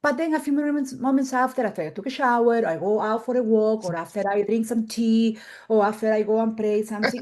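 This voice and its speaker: A woman in a group discussion over a video call, sharing a personal story in an animated way, laughing often and acting out the dialogue. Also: fairly high pitch, a little fast, few pauses. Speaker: group member.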